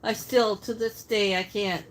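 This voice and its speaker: A woman hosts a casual cooking livestream, chatting and answering viewer comments while she works. Her mid-range voice is fairly even in intonation and a little slow, with slight background noise.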